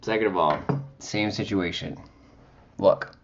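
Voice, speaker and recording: A man's voice: sits low, unhurried, muffled recording, a little hiss or hum. A man talking chattily and dramatically at home while he reviews makeup, full of sassy exclamations. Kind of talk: casual makeup review vlog.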